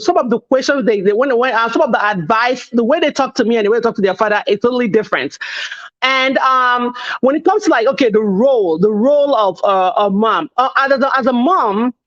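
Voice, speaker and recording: A woman's voice: on the high side, lo-fi sound. A woman in her thirties, co-hosting a casual panel talk, rambling with many restarts and asides. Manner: rambling, many restarts and "you see what I'm saying". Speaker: podcast co-host.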